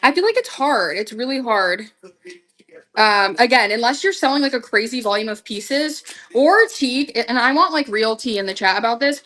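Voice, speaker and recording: Young woman live-seller, chatty and gushing, a little high-pitched, casual stream host. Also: animated, moderate pace, fairly bright tone, rough recording. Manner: chatty, gushing, talks straight to viewers. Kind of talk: casual live-selling chat.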